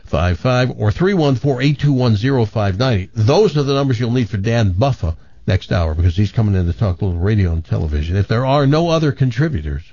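A man's voice: lowish voice, expressive, fast, few pauses, warm tone, no echo, muffled recording. A man hosting a talk radio show, chatting opinionatedly with his co-hosts and taking callers. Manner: opinionated, chatty, self-correcting. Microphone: studio microphone.

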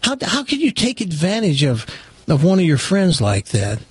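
A man's voice: a little high, wildly swooping pitch, moderate pace. A man doing a stern scolding father. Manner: indignant, scolding.

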